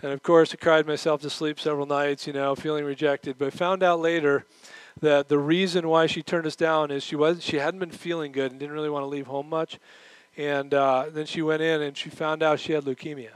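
A middle-aged man preaching a sermon, animated, acting out the voices he quotes. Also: on the high side, brisk, smooth, no room sound, poor audio. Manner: moves around while preaching. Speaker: pastor.

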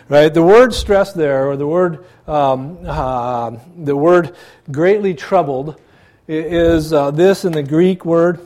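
A man's voice: fairly high pitch, measured pace, a little mellow. A man, a pastor, preaching a sermon in a church, conversational, with rhetorical questions and asides to the congregation.

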